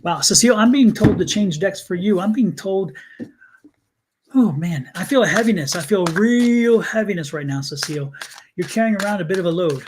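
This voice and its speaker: A man with a somewhat high voice gives live tarot readings and talks earnestly, circling back and repeating phrases as he speaks to viewers by name. A faint hiss of noise sits under his voice. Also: lively intonation, normal speed. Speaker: tarot reader.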